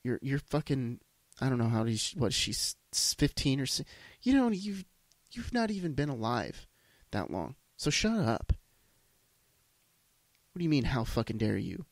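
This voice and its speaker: A man's voice: medium pitch, big pitch swings, normal speed, no room sound. A man hosting a solo podcast, ranting bluntly with lots of swearing and restarts. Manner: blunt, profane, rambling with restarts. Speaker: podcast host.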